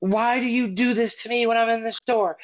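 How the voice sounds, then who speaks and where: A woman mimicking an exasperated young mother who scolds her crying child over and over, in a shrill, whiny voice. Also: steady tone, a little fast, muffled recording, lightly acted. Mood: exasperated scolding.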